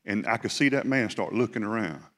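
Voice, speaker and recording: A man from South Georgia with a Southern US accent, preaching a lively testimony sermon with animated storytelling. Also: fairly low pitch, fairly quick. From South Georgia, USA. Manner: animated storytelling, building to fervent praise. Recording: reverberant hall.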